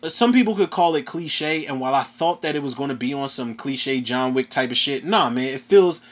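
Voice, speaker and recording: A man with a Philadelphia accent ranting casually through a film review, animated and profane, ending his phrases with "man". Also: mid-range voice, moderate pace. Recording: dull lo-fi recording.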